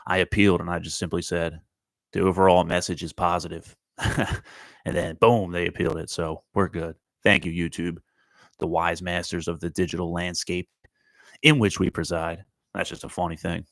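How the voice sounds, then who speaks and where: A low-voiced man rambles through his own morning show, blunt and full of swearing. He talks straight to his viewers while out walking. The sound is dry and close. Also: little pitch movement, moderate pace, vocal fry, a bit bright, no room sound, rough recording. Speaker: host of a morning talk show. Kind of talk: casual rambling chat on a morning walk. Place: outdoors, walking.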